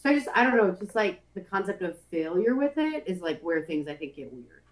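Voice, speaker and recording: A woman co-hosting a podcast in casual chat, bantering playfully and getting animated. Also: fairly low pitch, a little fast, poor audio. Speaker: podcast co-host.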